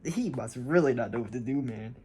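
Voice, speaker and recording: A young woman with a very deep, a little mellow, breathy voice reads her childhood story briskly and with animation. She cuts in with sarcastic comments, many ums, and uncertain trailing off.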